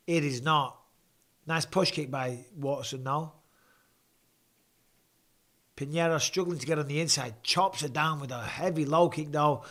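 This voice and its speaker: A man's voice: a little high, a bit bright. A man in his forties with an English accent, casually commentating a fight and chatting with viewers on a home live stream, swearing freely. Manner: blokey, swears casually, reads viewer questions. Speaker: host.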